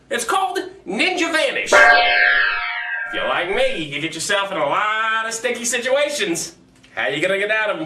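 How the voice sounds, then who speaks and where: A man voicing a hyped-up, goofy pitchman in a comedy ad, with loud, excitable sales patter. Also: background noise. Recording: echoey, distant, music underneath.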